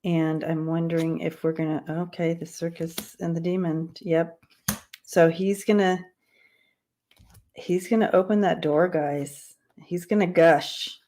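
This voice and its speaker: A woman's voice: lowish voice, fairly even intonation, unhurried, mellow. A woman hosting a casual livestream reading who chats with viewers, laughs often and stumbles over long words she repeats to get right. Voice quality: dyslexia, repeats hard words. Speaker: livestream tarot reader.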